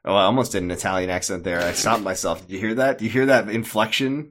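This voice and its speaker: A man's voice: lowish voice, animated, a little fast, hardly any pauses, a bit bright. A man co-hosting a podcast, recapping a TV episode in a casual, rambling and jokey way. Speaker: podcast co-host.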